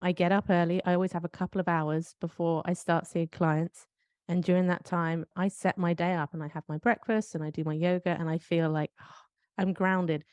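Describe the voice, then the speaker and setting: Her lowish voice holds a steady tone at normal speed, darkish, clear, and resonant, with no room sound. She's a British podcast co-host from the United Kingdom, casually chatting and reflectively telling stories that she keeps second-guessing aloud.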